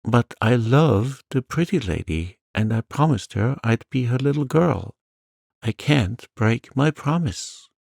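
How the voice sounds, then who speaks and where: A man's voice: mid-range voice, lively intonation, measured pace, creaky, a little mellow, no echo, studio quality, voice pushed up. A man voicing an earnest, affectionate orphan girl in a storybook, talking in a pleading way.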